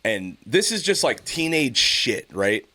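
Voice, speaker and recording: A middle-aged man on a podcast, telling a profane, animated story about his kids in a casual chat. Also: mid-range voice, unhurried. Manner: profane, storytelling, animated when quoting others. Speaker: podcast host.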